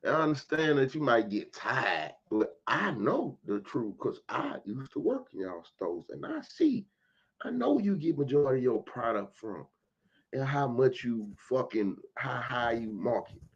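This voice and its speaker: A man's voice: medium pitch, very animated, unhurried, breathy edge, dull audio. A man ranting in a heated, profane commentary for his vlog, cursing often and stressing his points. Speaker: vlogger commentator.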